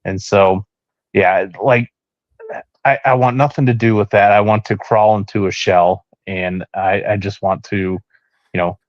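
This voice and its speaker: A man's voice: lowish voice, fairly even intonation, unhurried, no echo, dull audio. A married man co-hosting a casual podcast, rambling and joking about himself, with lots of restarts. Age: adult, married. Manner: rambling, self-deprecating, many restarts. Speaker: podcast co-host. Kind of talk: casual chat.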